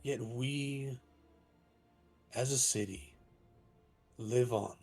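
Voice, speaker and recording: A man's voice: mid-range voice, a little mellow, faint music behind. A man doing a solemn dragonborn councillor. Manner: slow, grave public address. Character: male dragonborn councillor addressing a city, solemn.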